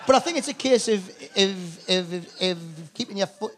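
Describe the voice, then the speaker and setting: Geordie bloke, 60s, high bright voice, tumbling sweary storyteller, guest slot. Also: male voice, moderate pace. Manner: rambling anecdotes full of restarts and swearing. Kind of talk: live comedy podcast interview.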